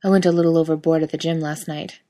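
A woman's voice: low-pitched, little pitch movement, fast, dark tone, lightly acted. A woman voicing a flustered smitten young man. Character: nervous smitten young man, office worker. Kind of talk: audiobook fiction reading.

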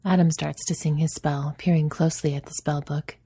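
A woman narrating a story in a soft, even storytelling manner. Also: low voice, fairly quick, slightly rough. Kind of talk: audiobook narration.

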